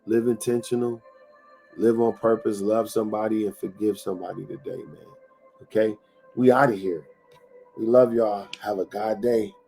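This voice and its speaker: A man's voice: lowish voice, fairly even intonation, moderate pace, gravelly, mellow, soft background music. A man hosting a live-streamed motivational talk. He repeats his lines and speaks straight to the viewers, over and over. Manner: preachy and repetitive, talks straight to viewers.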